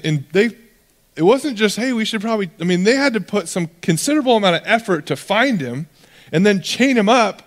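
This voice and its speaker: A male pastor preaching a sermon in a relaxed, conversational storytelling way, often acting out the voices of people in his stories. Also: high voice, in a large hall.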